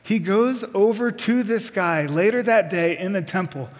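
A man's voice: sits high, animated, normal speed, in a large hall. A man preaching a sermon, putting direct questions to the congregation with folksy asides.

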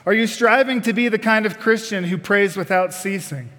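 A man's voice: high voice, moderate pace, pushed and bright, long reverb tail. A man preaching a sermon, putting direct questions to the congregation with folksy asides.

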